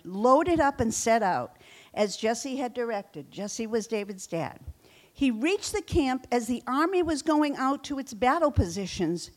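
A woman pastor preaching a sermon, reading scripture aloud and acting out the quoted lines with lively shifts in loudness. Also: sits high.

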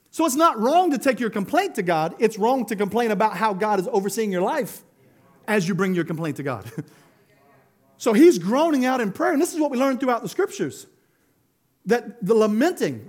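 A man preaching a sermon as pastor, animated, laughing and acting out quotes as he goes. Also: high voice.

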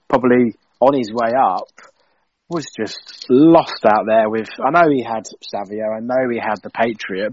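A man's voice: medium pitch, slightly rough, dull audio. A man co-hosting a casual podcast, talking in an exasperated way with stammered restarts. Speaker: podcast co-host. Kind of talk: casual wrestling review chat.

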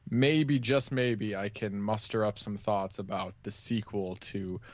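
A man's voice: lowish voice, steady tone, unhurried, no echo, dull audio. A tired man co-hosting a podcast, easygoing and laid-back in casual chat. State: tired, low on energy. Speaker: podcast co-host.

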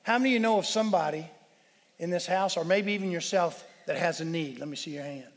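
A man preaching a sermon as pastor, telling a story with emphatic shouted peaks. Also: a little high, fast. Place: church sanctuary. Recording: long reverb of a church hall.

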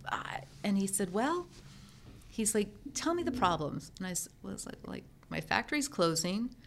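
A woman's voice: medium pitch, moderate pace, gravelly, slight background noise. A middle-aged woman, a guest on an interview show, telling her business story casually and acting out the conversations she remembers. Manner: lively storyteller who acts out remembered dialogue. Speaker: guest, professional organizer turned entrepreneur.

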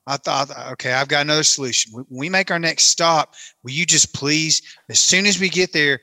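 A man's voice: a little high, normal speed, few pauses, sharp tone, no room sound. A man, telling a long self-mocking story in casual chat and acting out his own lines. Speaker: camera operator telling a story.

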